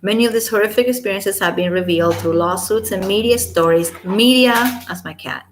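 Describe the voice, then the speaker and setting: A woman's voice: mid-range voice, brisk, slight background noise. Sarcastic woman reading a court filing. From Los Angeles resident. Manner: sarcastic, incredulous asides, occasional whispered remarks. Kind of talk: casual commentary while reading aloud. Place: home.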